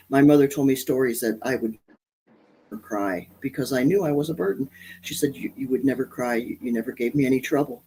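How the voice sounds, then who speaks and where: A woman's voice: extremely low pitch, dark tone, rough recording. A woman from Michigan, a parenting author, speaking candidly as an interview guest, with frequent restarts. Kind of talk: interview conversation.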